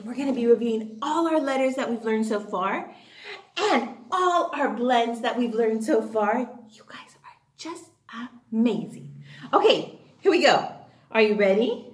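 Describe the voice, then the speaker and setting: A woman teaching young children their letters, her high voice swooping up and down in a lively sing-song. She speaks slowly and answers each question herself, and the room around her echoes. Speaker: phonics teacher. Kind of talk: online phonics lesson for young children.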